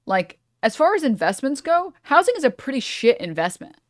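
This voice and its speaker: A woman's voice: high-pitched, sing-song, normal speed, no room sound, clean studio sound. A woman streamer reacting to clips in casual commentary, profane and rambling, cutting herself off mid-thought. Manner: profane, rambling, self-interrupting.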